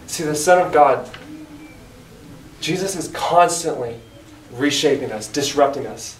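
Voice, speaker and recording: Recorded from a distance in an echoey church room with faint hiss, a man leads a Bible study and reads scripture aloud. His voice is fairly high and unhurried, with long pauses, and his teaching is earnest and emphatic.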